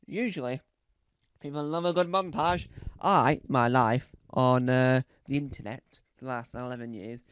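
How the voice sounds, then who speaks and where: A man's voice: mid-range voice, fairly even intonation, measured pace, smooth, dry recording. A male comedian telling a rambling comedy monologue, full of restarts, asides and "right?" check-ins. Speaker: stand-up comedian.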